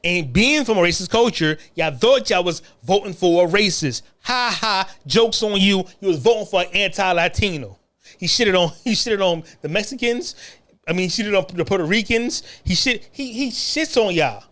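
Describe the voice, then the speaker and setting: A man's voice: high-pitched, expressive, normal speed, a bit bright. An American man delivering a profane, taunting monologue rant to the camera, laughing mockingly and stammering through repeated restarts. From United States. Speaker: online commentator.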